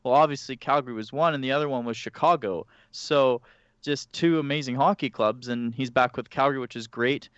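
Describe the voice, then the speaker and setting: A man co-hosting a casual podcast, telling stories in an animated way. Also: mid-range voice, a little fast, clear, resonant tone, no room sound. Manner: animated storytelling. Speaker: podcast co-host. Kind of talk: casual chat. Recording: muffled mic.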